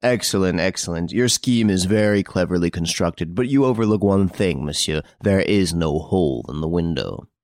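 A man reading an audiobook, voicing a proud, excitable middle-aged count who turns petulant and stammering. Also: deep voice, moderate pace, few pauses, no echo, clean studio sound. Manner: petulant, then stammering and shaken.

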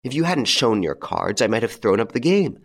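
A man reading the lines of a bold, mocking gentleman thief in an audiobook, with a jaunty, theatrical, taunting manner. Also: mid-range voice, very animated, moderate pace, creaky.

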